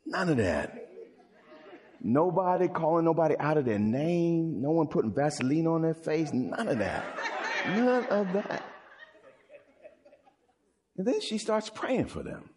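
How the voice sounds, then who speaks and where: A man preaching a sermon, playful and animated, acting out quotes and joking with the congregation. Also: fairly high pitch, moderate pace.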